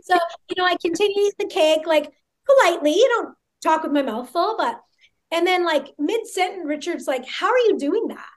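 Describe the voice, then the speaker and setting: A woman in her thirties, a podcast guest, telling a story in a chatty, excitable way full of filler words. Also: very high voice, brisk. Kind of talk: casual storytelling.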